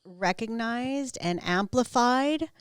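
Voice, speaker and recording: A woman's voice: a little high, lively intonation, slow pace, clean tone, dry recording, studio quality. A woman hosting a casual podcast chat, agreeing readily and steering the conversation. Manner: supportive, affirming interjections. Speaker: podcast host.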